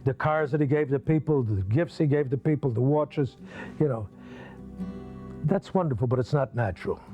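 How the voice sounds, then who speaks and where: A man's voice: mid-range voice, normal speed, muffled recording, faint music behind. A man reflecting thoughtfully in an interview, listing points one after another. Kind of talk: reflective commentary.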